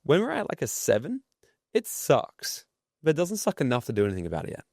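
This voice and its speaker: A man's voice: on the high side, huge pitch swings, fairly quick, a little mellow, dry recording, clean studio sound. An entrepreneur speaking as a podcast guest, blunt and profane, telling stories to make his points. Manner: blunt, swears freely, tells stories. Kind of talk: casual podcast interview.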